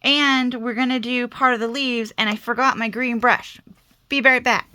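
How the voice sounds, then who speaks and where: A woman's voice: a little high, steady tone, moderate pace, sharp tone. A chatty woman with a slight Southern American accent, hosting a casual crafting tutorial and talking to herself as she works. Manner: chatty, self-deprecating, talks to herself while working. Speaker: crafting video host.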